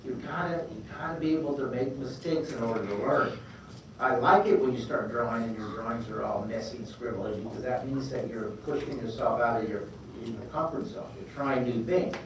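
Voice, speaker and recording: A man's voice: mid-range voice, fairly quick. Man, drawing teacher, encouraging, call-and-response, echoey school hall, distant mic, background noise. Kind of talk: live drawing lesson for children.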